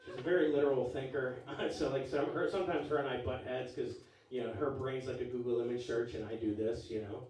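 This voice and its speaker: A man's voice: mid-range voice, steady tone, brisk, darkish tone, slight background noise. Punchy, profane man in his forties on stage. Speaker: stand-up comedian. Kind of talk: stand-up comedy set. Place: live comedy club stage. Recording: echoey room from far off. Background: audience laughing.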